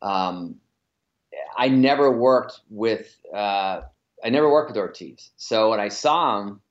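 A man's voice: on the low side, lo-fi sound. A man with a Boston accent, a commercial director talking as an interview guest, rambling with lots of restarts and fillers. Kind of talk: casual interview chat.

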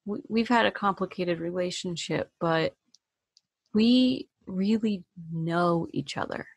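A woman interviewer speaking slowly and gently, thoughtful, often pausing and restarting. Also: lowish voice, creaky, dry recording. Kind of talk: personal interview.

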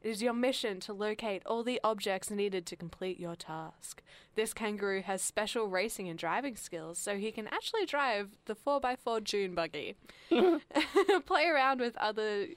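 A woman's voice: mid-range voice, lively intonation, normal speed, hardly any pauses, no room sound. A woman hosting a casual podcast chat, laughing often between sentences. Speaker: podcast host.

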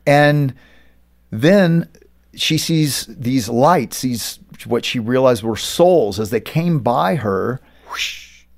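Animated storytelling pastor, a man. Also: medium pitch, slow, vocal fry. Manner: animated storyteller, acts out quoted voices. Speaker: pastor and author, guest. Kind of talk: storytelling interview talk.

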